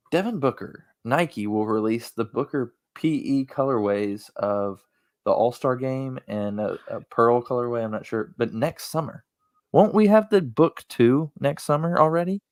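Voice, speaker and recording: A man's voice: medium pitch, a little mellow, no echo. A man co-hosting a casual sneaker podcast, laid-back and teasing as he runs the rundown. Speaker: podcast co-host.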